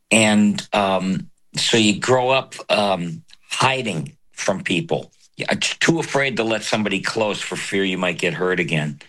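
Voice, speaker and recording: An older man, a voice actor, talking in an interview in a reflective, halting way with many fillers. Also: sits low, animated, fairly bright tone. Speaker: voice actor guest. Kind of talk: casual interview talk.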